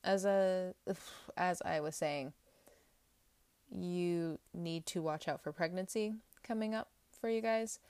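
A young woman reads tarot for her viewers in a casual, rambling way, speaking candidly and leaning hard on her points. Her voice sits on the low side and comes across smooth and clear. The sound is close and dry. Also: slow, a little mellow, no room sound. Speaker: tarot reader.

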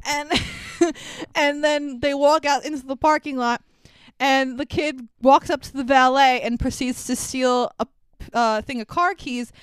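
A woman's voice: high voice, steady tone, measured pace, no echo. A woman co-hosting a podcast, animatedly retelling a film with frequent laughs and casual swearing. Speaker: podcast co-host. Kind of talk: casual chat recapping a film.

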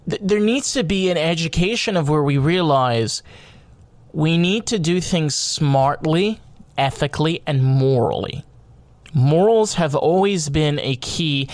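A man hosting a podcast, giving a heated opinion monologue, rambling and restarting his words and swearing freely, his voice climbing when he gets worked up. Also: no echo. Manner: grows loud and high-pitched when worked up. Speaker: podcast host.

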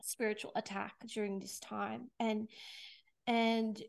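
Woman, slightly high voice, earnest faith testimony, emotional, animated. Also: slow pace, creaky. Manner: earnest and emotional, laughing through tears. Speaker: podcast guest.

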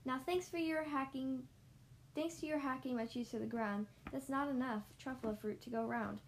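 Woman as grumpy little old male storybook creature, snappish, reproachful, on the high side. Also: steady tone, moderate pace, a little hiss or hum, rough recording. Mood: scolding. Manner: snappish, reproachful rhymed scolding.

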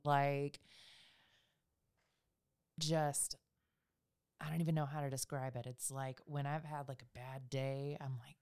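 A woman's voice: very deep voice, steady tone, unhurried, long pauses, a little mellow, clean tone, no room sound, studio quality. A woman co-hosting a podcast in casual chat, candid and confessional, laughing easily. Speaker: podcast co-host.

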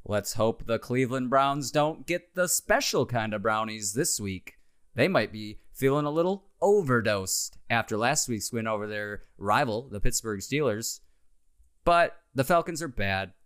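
A man's voice: mid-range voice, expressive, a little slow, a bit bright, clean tone. A man co-hosting a casual sports podcast, joking around and making his game picks. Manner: jokey, makes game picks, briefly tries silly accents. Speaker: podcast co-host.

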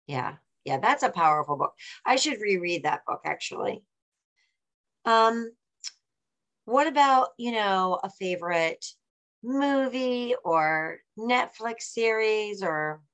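A woman hosting a relaxed conversation who asks questions and offers her own memories in turn. She sounds encouraging and easygoing, with a voice of ordinary pitch. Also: takes it slowly. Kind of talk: casual chat.

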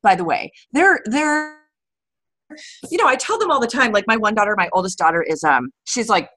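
A woman's voice: medium pitch, normal speed. A woman in her forties, an author guest in a casual interview, telling candid stories with lots of restarts. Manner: candid, animated storyteller with frequent restarts.

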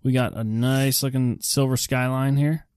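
A man's voice: medium pitch, steady tone, normal speed, darkish tone, clean tone. A man from the northeastern United States in a casual chat about a movie, joking and acting out characters' lines. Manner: playful, jokey, acts out characters' lines. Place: indoor room near a heater.

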